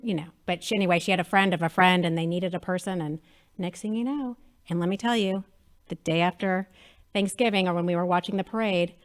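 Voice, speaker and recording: A woman in her thirties, a media company president chatting as an interview guest, telling lively stories and acting out quotes. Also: medium pitch, a little fast. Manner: animated storyteller, acts out quotes. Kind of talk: casual interview chat.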